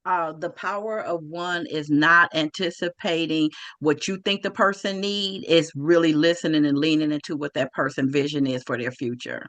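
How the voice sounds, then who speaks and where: A woman on a video call giving a thoughtful, measured answer as a coaching director. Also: low-pitched, steady tone, a bit bright, dry recording.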